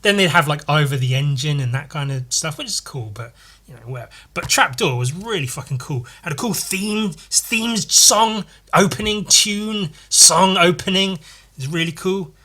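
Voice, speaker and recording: Male podcast host with a bright, tense voice. Casual, profane and playful, riffing on his sketchbook. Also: fairly high pitch, expressive, normal speed. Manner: swears constantly, playful, jumps into loud goofy voices. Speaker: artist hosting a solo podcast. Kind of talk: casual rambling chat while sketching.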